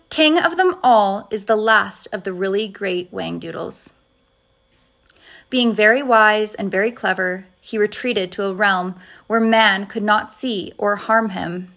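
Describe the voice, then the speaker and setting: A woman narrating a storybook aloud in a measured, expressive way. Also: mid-range voice.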